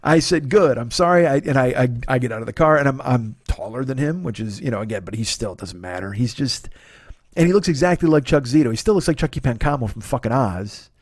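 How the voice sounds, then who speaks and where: A man's voice: medium pitch, expressive, a little fast, dry recording, clean studio sound. A man, hosting a solo comedy podcast, rambling in a profane, self-deprecating way. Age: 40s. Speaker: podcast host.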